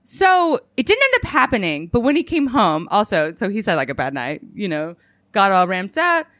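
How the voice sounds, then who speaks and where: A woman's voice: medium pitch, moderate pace, no room sound. A young adult woman comedian, a podcast guest, telling a story with lots of swearing and self-mockery. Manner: animated storytelling with acted quotes and laughs. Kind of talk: casual podcast chat.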